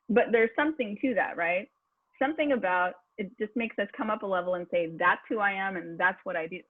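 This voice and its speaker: A woman's voice: medium pitch, no echo. A woman voice coach leading an online speaking workshop in an upbeat, encouraging way, laughing often. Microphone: video call. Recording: tinny phone-like video call audio.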